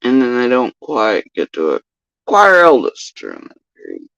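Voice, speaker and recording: Agitated man ranting, lively pitch. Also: normal speed, gravelly, no room sound. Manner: agitated, profane, repeats himself. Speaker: livestreamer recounting personal events. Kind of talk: rambling livestream monologue. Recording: dull lo-fi stream audio.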